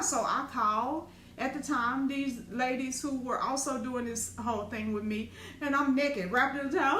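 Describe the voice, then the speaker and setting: A middle-aged woman, a spiritual teacher, telling a raw personal story in an animated, profane, dramatic way. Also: sits high, moderate pace. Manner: animated, profane, dramatic retelling with colloquial speech. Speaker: spiritual teacher and business owner. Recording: echoey room with faint ambient noise.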